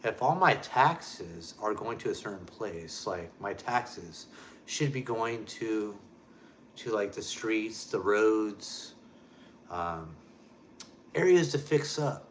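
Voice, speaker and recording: A man with a lowish, animated voice hosts a show, speaking slowly over slight background noise. His ranting monologue is heated and emphatic, and he keeps addressing his listeners directly while repeating key phrases.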